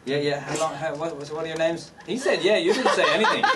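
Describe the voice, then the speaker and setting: Cheeky Irish comedian, distant and noisy. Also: male voice, a little high. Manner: cheeky, jokey banter with frequent fillers. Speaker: stand-up comedian. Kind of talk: live comedy show audience work. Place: live comedy venue. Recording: distant mic, noisy live room.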